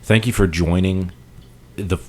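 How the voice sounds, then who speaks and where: Deep-voiced laid-back male podcast co-host. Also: steady tone, a little slow. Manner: laid-back, chummy, says dude a lot. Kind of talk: casual chat.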